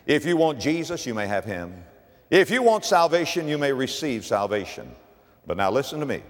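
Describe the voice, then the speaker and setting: An older man, a pastor, preaching a sermon with dramatic swings from emphatic peaks to low, quiet lines. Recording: long hall reverb.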